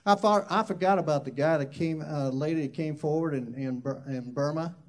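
A man's voice: on the high side, fairly quick. A man who is a minister, telling a loose, rambling testimony story full of asides.

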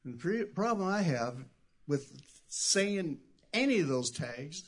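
A middle-aged pastor delivers a sermon in a conversational way, swinging from quiet asides to loud, shouted bursts. His voice sits high and sing-song, at a measured pace.

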